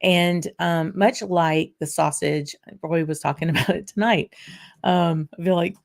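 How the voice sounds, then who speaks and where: A woman with a South Louisiana accent hosts a whisky show, chatting casually with lots of fillers and laughs before reading a poem with theatrical flair. Her voice is lowish with vocal fry, fairly even in intonation and measured in pace.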